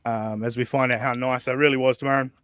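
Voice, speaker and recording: This podcast host is a fast-talking man of medium pitch whose intonation stays fairly even and whose tone is smooth and fairly bright. He chats casually and reads messages, rambling, swearing, chuckling, and using many fillers, with no echo in the recording.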